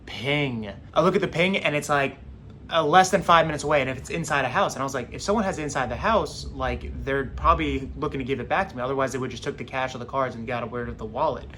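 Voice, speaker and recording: A young man casually telling a story straight to camera, animated and acting out what others said. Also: medium pitch, fast, a little hiss or hum. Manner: animated, acts out quoted voices.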